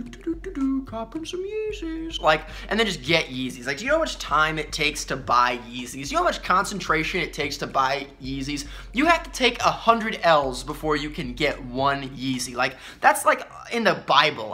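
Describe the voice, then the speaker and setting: A man's voice: on the high side, pushed and bright. A young man ranting casually on a sneaker vlog, profane and exasperated, acting out the people he quotes. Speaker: sneaker vlogger. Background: faint music.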